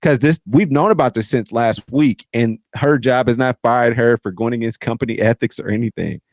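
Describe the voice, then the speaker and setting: A man co-hosting a casual podcast chat, animated, jumping from loud bursts to low mutters. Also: normal speed, no echo. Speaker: podcast co-host.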